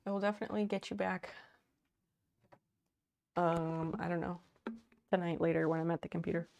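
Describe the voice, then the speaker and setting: A low, creaky, darkish voice with a steady tone and normal speed belongs to a woman chatting casually on a livestream. Working and sorting in her home office, she greets and thanks viewers and laughs frequently.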